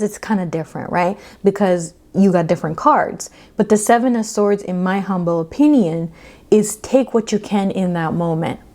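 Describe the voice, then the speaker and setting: This tarot reader speaks at a medium pitch with a warm tone. Her pick-a-card reading is relaxed and talkative, full of emphasis, frequent "okay?" check-ins, and laughter between points.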